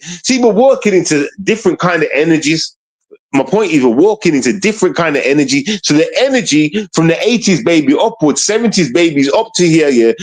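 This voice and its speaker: A man rants on a livestream. He talks in street slang, says most lines twice and pushes his point hard. His voice sits a little high. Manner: repetitive, confrontational street slang. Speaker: streamer. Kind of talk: casual ranting livestream.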